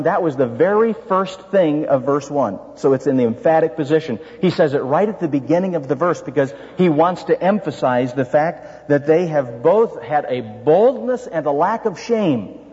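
A man's voice: a little high, dark tone, slightly rough. A man preaching an expository sermon as pastor, earnest and full of rhetorical questions. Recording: dull reverberant hall sound.

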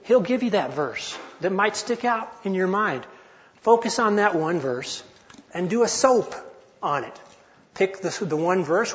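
A man's voice: high voice, in a large hall, dull audio. A man in his forties teaching a Bible study in an earnest, conversational way, often restarting his phrases. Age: 40s. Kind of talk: informal teaching talk.

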